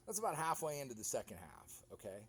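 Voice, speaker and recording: Husky and mid-range, this man talks fast as a goalkeeper going back over his own soccer match. The casual commentary is animated, with him acting out the other players along the way.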